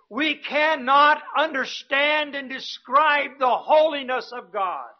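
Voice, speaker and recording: Slow, high-voiced male preacher, lo-fi. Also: lively intonation. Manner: slow, emphatic preaching that rises in pitch and volume on repeated words. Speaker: missionary preacher. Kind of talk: sermon. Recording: dull, lo-fi sound.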